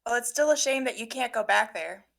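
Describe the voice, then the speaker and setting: A woman's voice: on the high side, lively intonation, brisk, creaky, fairly bright tone. A woman playing a tabletop game, chatting casually and hedging her words. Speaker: player.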